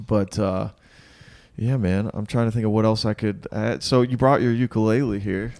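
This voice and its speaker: Low gravelly podcast host, laid-back. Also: male voice, steady tone, normal speed, darkish tone. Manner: laid-back, says "dude" and "yeah" a lot. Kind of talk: casual interview chat.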